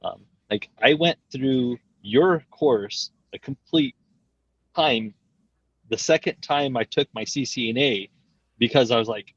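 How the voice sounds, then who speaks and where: A man's voice: mid-range voice, unhurried, slightly rough, no echo. Hesitant male guest on dull lo-fi call. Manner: reflective, hesitant, many "like" and "um" fillers. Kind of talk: casual conversation.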